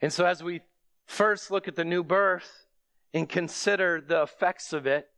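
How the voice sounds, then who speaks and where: A man's voice: sits high, fairly even intonation, unhurried, sharp tone, smooth, no echo. Earnest man preaching, dry close sound. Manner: earnest, with emphatic bursts on repeated phrases. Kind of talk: sermon.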